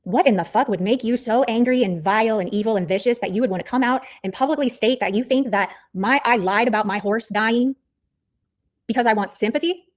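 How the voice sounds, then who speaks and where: A woman livestreamer ranting in a heated callout, blunt and profane, repeating herself as she scolds someone. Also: a little high. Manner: angry, blunt, profane, repetitive.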